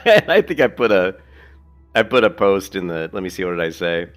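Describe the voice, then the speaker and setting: This gaming streamer talks fast in a sing-song voice on the low side, with soft background music playing. His casual gameplay commentary rambles, full of laughter and the occasional swear word.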